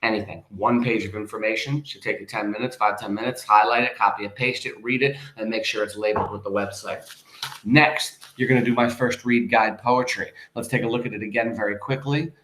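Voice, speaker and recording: A man's voice: lowish voice, steady tone, brisk, a bit bright. A man teaching a class, explaining a poem in a casual, conversational way. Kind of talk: lesson on a poem, reading aloud and explaining. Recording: echoey room.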